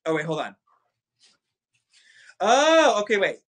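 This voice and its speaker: A man hosting a live shopping stream with a bright, forward voice pitched a little high. He talks fast and excitably, hyping each product and calling out to his viewers. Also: husky, low-quality recording. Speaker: livestream shopping host. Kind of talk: live sales stream chat.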